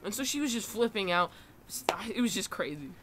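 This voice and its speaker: A man's voice: high voice, big pitch swings, fairly quick, noisy background. A teenage boy telling a funny story casually, acting out quotes and laughing often.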